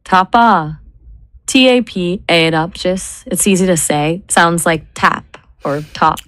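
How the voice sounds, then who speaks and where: Slow, low-voiced woman spelling words out. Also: a bit bright, no echo. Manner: measured, spells words out letter by letter. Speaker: brainstorming assistant. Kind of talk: casual brainstorming chat.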